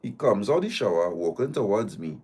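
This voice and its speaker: A man reads a listener's story aloud on a live stream, speaking as its first-person teller. His voice sits low, yet his pitch leaps and swings widely from line to line. He keeps breaking off to tease the listener. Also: brisk, slightly rough. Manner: animated reading in the first person, with teasing asides.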